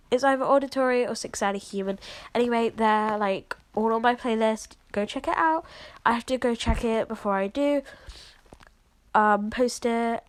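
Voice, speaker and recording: Her voice sits a little high on a dry recording. She's a video creator with a cough and congestion, apologetically chatting through a casual screen-recording walkthrough of her editing, leaning heavily on fillers.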